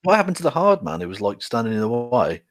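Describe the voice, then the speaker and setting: A man's voice: medium pitch, wildly swooping pitch, quick pace. A man co-hosting a podcast, chatting sarcastically about a video and swearing a lot. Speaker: podcast co-host. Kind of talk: casual chat reacting to a video.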